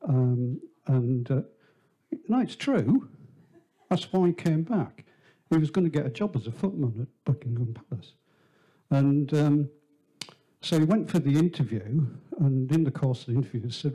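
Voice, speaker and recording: A man's voice: medium pitch, expressive, normal speed, warm tone, husky. A man introducing a performer to a small live theatre audience, chatty and teasing, telling a joke with quoted voices. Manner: chatty, teasing, tells a shaggy-dog joke. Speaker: venue host introducing the performer.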